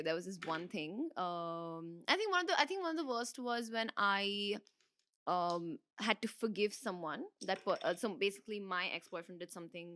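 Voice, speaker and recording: A bright, forceful voice from a young Indian woman chatting as an interview guest. She talks in quick bursts full of fillers, giggles and restarts, with a slightly hoarse throat. Her pitch sits mid-range for a woman. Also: a little hiss or hum. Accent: Indian English. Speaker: interview guest, dancer and creator. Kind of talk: casual rapid-fire interview chat.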